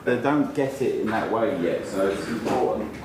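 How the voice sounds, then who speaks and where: A man's voice: fairly low pitch, lively intonation, normal speed, noisy background. A musician arguing behind the scenes, earnest and emphatic as he explains himself. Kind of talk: heated behind-the-scenes argument. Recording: echoey room, distant mic.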